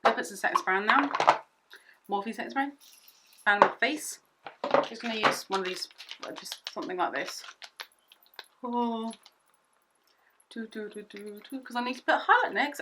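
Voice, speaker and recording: A young woman chatting through a makeup tutorial at home, excitable and rambling, often repeating herself. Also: a little high, normal speed, long pauses, slight background noise. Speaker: beauty vlogger.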